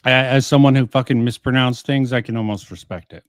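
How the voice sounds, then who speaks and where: A man's voice: medium pitch, fairly quick, no room sound. A man giving casual, profane, rambling reaction commentary.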